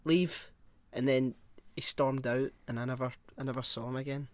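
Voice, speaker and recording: A man's voice: medium pitch, fairly quick, no room sound. A young British man co-hosting a podcast, telling an anecdote in casual chat, acting out the quarrel and swearing freely. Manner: animated storyteller, acts out quarrels, swears freely. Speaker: podcast co-host.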